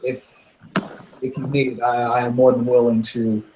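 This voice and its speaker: An earnest male werewolf, as a man plays him in a tabletop game. He speaks politely and a little haltingly, keen to be useful. Faint background noise sits under his voice. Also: mid-range voice, flat delivery, a little mellow, roomy sound, muffled recording, lightly acted. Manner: hesitant, polite.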